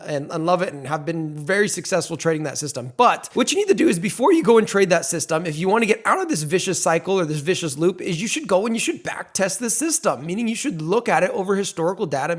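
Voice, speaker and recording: A man explaining trading to camera in an emphatic, repetitive, salesy way. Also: sits high. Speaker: trading educator.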